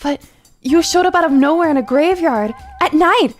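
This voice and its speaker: A woman's voice: high-pitched, normal speed, soft background music, pitched above the performer's own voice, close to an everyday voice. A woman voicing a shy, earnest boy gravekeeper in a game, speaking a little awkwardly.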